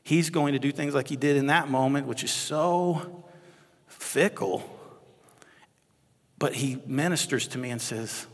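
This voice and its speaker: Man, Midwestern American accent, associate pastor, animated conversational preaching, lapel mic, long church-hall reverb. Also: medium pitch, normal speed. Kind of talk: sermon. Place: church sanctuary.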